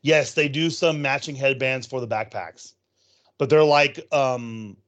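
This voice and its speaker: A man's voice: mid-range voice, steady tone, unhurried, fairly bright tone, dull audio. A man co-hosting a casual chat about theme park news, rambling through stories with plenty of ums. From California. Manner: rambling storyteller, many ums. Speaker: podcast co-host.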